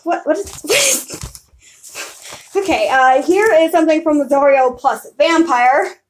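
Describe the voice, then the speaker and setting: Super high-pitched young woman streamer, giggly, rambling and self-mocking. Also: expressive, measured pace, a little hiss or hum. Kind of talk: casual live-stream chat.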